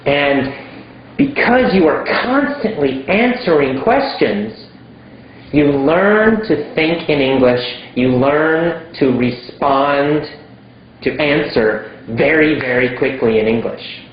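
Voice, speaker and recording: A man teaching English in a slow, emphatic way, repeating simple words for learners. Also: a little high, animated, a little hiss or hum. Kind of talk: slow teaching monologue to camera. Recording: very echoey room, dull lo-fi sound.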